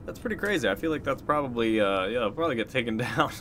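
A man's voice: medium pitch, fast talker, a bit bright, a little hiss or hum. A man streaming a video game live, joking, swearing freely and chatting with his viewers. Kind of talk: live gameplay stream commentary.

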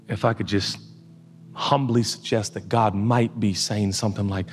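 A man preaching a sermon as pastor, dropping low and quiet, then building to loud shouts. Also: normal speed, big-room sound, soft background music.

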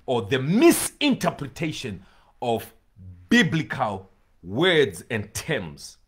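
A man's voice: medium pitch, slightly rough. A man preaching a sermon, pleading and emphatic, repeating key words for stress.

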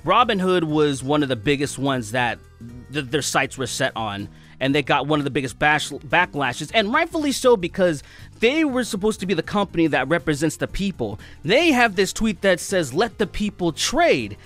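A man's voice: a little high, big pitch swings, moderate pace, fairly bright tone, faint music behind. A man giving heated, sarcastic, profane commentary on online culture as a channel host. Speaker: commentary YouTuber. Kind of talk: ranting commentary.

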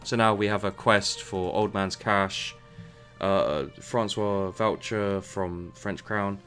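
Rambling low-voiced man reviewing a game. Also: fairly even intonation, slow pace, fairly bright tone, soft background music. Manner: rambling, stumbles and repeats words, mutters asides. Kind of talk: casual gameplay commentary.

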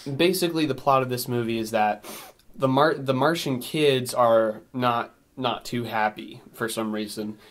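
A man co-hosting a casual podcast reviews a film, rambling with lots of fillers and laughing often. His mid-range voice moves at a moderate pace, and there is a little hiss or hum in the recording.

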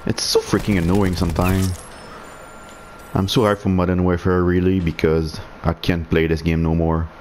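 A man's voice: sits low, little pitch movement, normal speed, a little mellow, slight background noise. A man giving sarcastic, swearing commentary on his own online shooter match, muttering in frustration, a non-native speaker of English whose first language is French. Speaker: gaming streamer. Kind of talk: live gameplay commentary.

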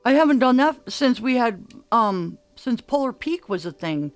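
Older female gaming streamer, bright-pitched and bouncy, excitable team caller. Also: unhurried, dry recording, soft background music. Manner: chatty, excitable, calls out orders to teammates. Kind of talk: live gameplay commentary.

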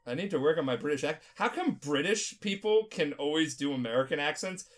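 Tipsy podcast guy, rambling and swearing a lot, pitch all over the place. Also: fairly quick. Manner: rambling, profane, animated. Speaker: podcast host. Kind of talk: casual podcast chat.

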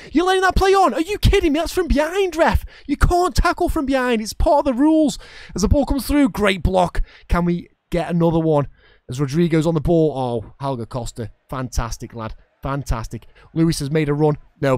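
Excitable gamer commentating. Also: male voice, sits high, no room sound, studio quality. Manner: excitable, shouts at the referee and commentator, chatty with viewers. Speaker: gaming YouTuber. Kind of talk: game commentary.

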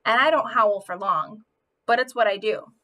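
A woman reading a children's novel aloud, telling it in an expressive first-person voice. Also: medium pitch, normal speed, highs cut off. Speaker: audiobook reader.

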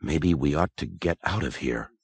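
A man's voice: very deep voice, normal speed, gravelly, breathy edge, dry recording, full character voice. A man voicing a jumpy, irritable young writer. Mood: uneasy. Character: nervous young male writer, uneasy.

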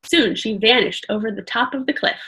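A woman reading a children's chapter book aloud like a teacher, gently pausing to ask her listeners questions. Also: fairly high pitch, poor audio. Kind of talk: storybook read-aloud for children.

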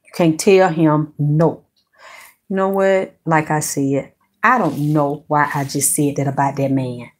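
Swearing, animated gossip host woman. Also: deep voice, a little slow. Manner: animated, swearing, talks straight to her viewers. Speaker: celebrity gossip channel host. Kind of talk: casual chat.

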